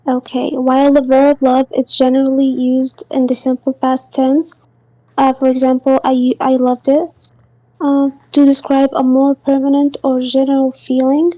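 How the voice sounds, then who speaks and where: Student lady reading out loud on a call, high and kinda monotone, stops and says uh a lot. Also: unhurried, no echo. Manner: careful, hesitant reading with fillers. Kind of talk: reading a text aloud in class.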